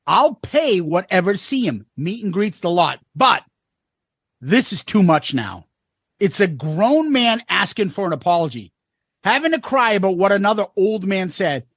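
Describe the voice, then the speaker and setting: Male podcast co-host reading listener mail, lively up-and-down delivery, dry close sound. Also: sits high, no echo. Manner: reads comments aloud with wry asides. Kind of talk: casual podcast chat.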